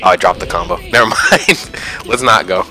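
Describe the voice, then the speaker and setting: A young man giving excited, self-mocking commentary over his own online fighting game matches, often yelling at big moments. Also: low-pitched, normal speed. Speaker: gaming YouTuber. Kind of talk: live gameplay commentary. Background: background music.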